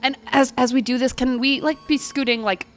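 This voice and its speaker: A woman's voice: high-pitched, steady tone, a little fast. A woman playing a tabletop game, nervous and hedging. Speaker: player.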